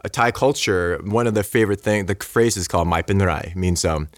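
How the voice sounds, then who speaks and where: A man's voice: sits low, fairly quick, dry recording, clean studio sound. A man chatting as a podcast guest, telling a story with lots of fillers and acting out what people said to him. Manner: animated, acts out quoted dialogue; many fillers like "like" and "you know". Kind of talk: casual storytelling chat.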